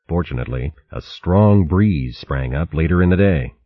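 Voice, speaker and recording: A man reading a storybook aloud in a measured, dramatic way. His voice is very deep with a husky grain. The recording is dry and slightly dull. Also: no room sound. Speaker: audiobook narrator. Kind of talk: scripted storybook narration.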